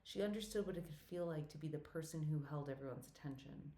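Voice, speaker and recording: A woman reading a romantic comedy novel aloud as audiobook narrator, in a steady, even storytelling manner. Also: low-pitched, fast talker. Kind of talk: scripted narration. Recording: roomy echo.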